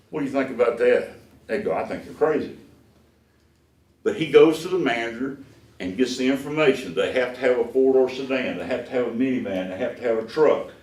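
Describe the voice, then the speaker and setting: A man, running a sales class as the owner of a car dealership and telling stories that act out the dialogue. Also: medium pitch. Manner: folksy, animated storyteller who acts out dialogue. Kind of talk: storytelling lecture to a class. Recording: echoey room, voice from far off.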